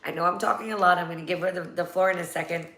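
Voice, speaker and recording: A woman's voice: lowish voice, fairly even intonation, racing, vocal fry, fairly bright tone. A woman hosting a casual live-stream chat, talking at length and rambling with easy laughs. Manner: chatty, rambling, laughs easily. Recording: echoey room.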